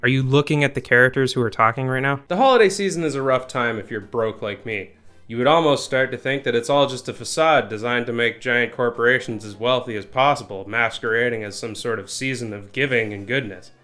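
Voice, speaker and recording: A man's voice: mid-range voice, a little fast. Sarcastic man hosting a comedy review. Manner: sarcastic, with deadpan asides. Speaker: comedy video host. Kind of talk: comedic movie review narration. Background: faint music.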